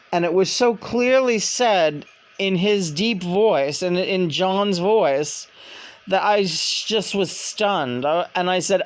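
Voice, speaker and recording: A woman vlogs in a casual monologue, telling stories in an animated way. She rambles and restarts often, and her voice is smooth and clear. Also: lowish voice. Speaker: vlogger and spirit medium.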